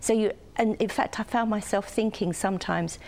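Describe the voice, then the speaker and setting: An older woman from the United Kingdom, a guest on a TV interview, speaking softly and hesitantly with many pauses. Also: medium pitch, gravelly. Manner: soft-spoken, hesitant with many ums.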